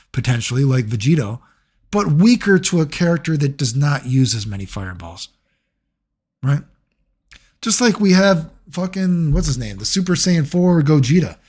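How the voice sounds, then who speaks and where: Husky gaming youtuber guy, rambly and sarcastic, cusses a lot. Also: a little high, darkish tone. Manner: rambling, sarcastic, swears freely. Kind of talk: casual commentary.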